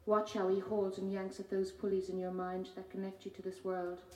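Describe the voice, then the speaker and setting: A woman, a poet giving a measured reading of her own poems with hesitant spoken asides between them. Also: mid-range voice, little pitch movement, dark tone. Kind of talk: poetry reading. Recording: roomy hall from far off.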